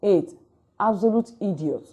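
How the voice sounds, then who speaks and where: A woman lecturer reading out word lists item by item in a measured, dictating way for a recorded distance-learning lecture. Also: mid-range voice, animated, mellow, husky.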